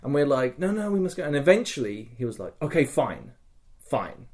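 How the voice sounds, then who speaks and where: A man co-hosting a podcast, telling a story in a casual, excitable way, swearing often and acting out other people's lines. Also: medium pitch, moderate pace. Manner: swears a lot, animated retelling with quoted voices. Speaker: podcast co-host.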